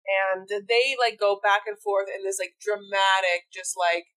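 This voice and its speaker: A woman's voice: medium pitch, steady tone, measured pace, a bit bright, low-quality recording. A woman co-hosting a podcast, retelling reality TV scenes in a loose, rambling way full of "like". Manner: rambling, heavy use of "like". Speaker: podcast co-host. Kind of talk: casual recap chat.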